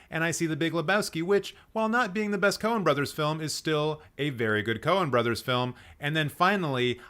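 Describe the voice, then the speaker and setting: A man with a fairly high, slightly bright voice hosts a casual live stream, playfully roasting people and laughing at his own jokes. He rambles and corrects himself as he goes.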